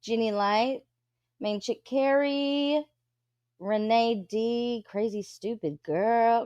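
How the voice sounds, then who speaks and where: A woman's voice: mid-range voice, slow pace, darkish tone, no echo, studio quality. A woman, hosting a livestream and chatting casually with viewers, blunt and profane. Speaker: livestream host. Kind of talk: casual chat reading out viewer comments.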